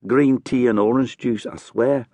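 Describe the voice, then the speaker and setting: A male audiobook narrator voicing a quiet, self-doubting detective close to his own voice. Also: medium pitch, fairly even intonation, measured pace, no room sound, voice pushed up, lightly acted. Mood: quiet earnest. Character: anxious, earnest large male detective.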